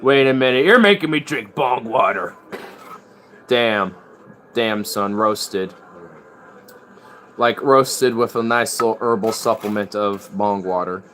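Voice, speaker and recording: A man's voice: lowish voice, slow pace, pauses often, a bit bright, slight background noise. Laid-back rambling man, casual chat. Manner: rambling, laid-back, laughs often, slangy. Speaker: streamer.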